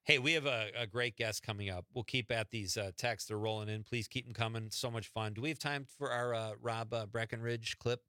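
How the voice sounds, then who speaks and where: A man's voice: medium pitch, fairly even intonation, a little fast, hardly any pauses, bright, forceful tone, no echo, studio quality. A man hosting a late-night radio show, chatting easily and laughing often as he reads listener texts. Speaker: radio host. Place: radio studio.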